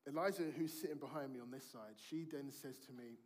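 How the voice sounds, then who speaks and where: A man's voice: mid-range voice, fairly quick, few pauses. A man, preaching a sermon in a conversational storytelling way and acting out family dialogue.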